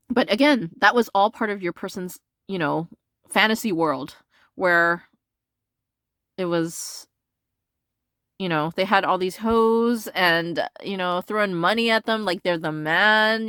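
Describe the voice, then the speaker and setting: A sassy woman reads tarot in a loose, chatty monologue. She talks bluntly, swears often and leans on fillers. Her voice leaps higher when she's indignant, and the recording is dry and close. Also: no room sound. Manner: animated jumps into a higher pitch when indignant. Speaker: tarot reader. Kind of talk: casual tarot reading monologue.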